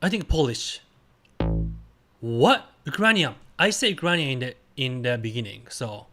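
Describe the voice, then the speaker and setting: Soft music plays in the background as a male streamer casually chats through a guessing game. His medium-pitched speech is halting and simple, with sudden bursts of excited cheering.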